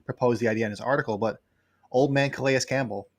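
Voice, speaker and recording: A man, a guest sports writer, talking in a casual livestream chat, quick and rambling with many fillers. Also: medium pitch, vocal fry, no echo.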